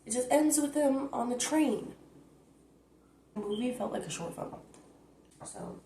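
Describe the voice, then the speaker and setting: A woman's voice: sits high, unhurried, dark tone, reverberant, slight background noise. A woman vlogger giving a blunt, profane, rambling recap, recorded on her phone. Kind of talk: casual rant recap.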